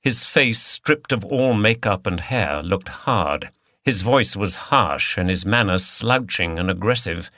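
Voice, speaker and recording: Guy reading a detective audiobook, bright voice, dry close mic. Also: lowish voice, animated, unhurried, no room sound. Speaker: audiobook narrator. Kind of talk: scripted narration.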